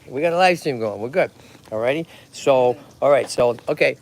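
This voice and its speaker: This man speaks at a moderate pace in a medium-pitched voice with vocal fry. A tortoise rescue host from Lowell with a Massachusetts accent, he runs an outdoor livestream at a tortoise pond, chatting with lots of energy and frequent "okay?" and "right?" check-ins.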